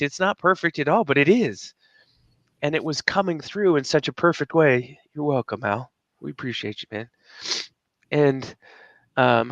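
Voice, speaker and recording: A man's voice: a little high, a bit bright, no room sound. Brief: male podcast co-host, rambling motivational chat, dry close sound, laughs a lot. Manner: rambling, laughs often, repeats words.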